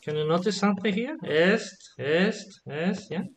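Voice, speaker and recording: A man's voice: sits high, unhurried, slight background noise. A man teaching Latin to a small group, patiently asking questions and checking that they follow. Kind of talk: online group lesson.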